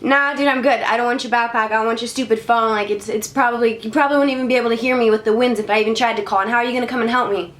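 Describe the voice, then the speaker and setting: A woman's voice: fairly high pitch, fairly even intonation, rapid-fire, few pauses, fairly bright tone, close to an everyday voice. Woman doing an indignant stubborn old man. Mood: dismissive. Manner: slangy, indignant complaining. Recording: roomy echo.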